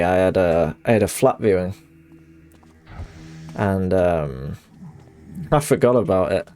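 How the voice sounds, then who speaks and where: A man's voice: lowish voice, a little mellow. A young man, chatting casually while streaming a game and telling rambling stories. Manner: rambling storyteller, acts out quotes. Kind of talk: casual chat while gaming.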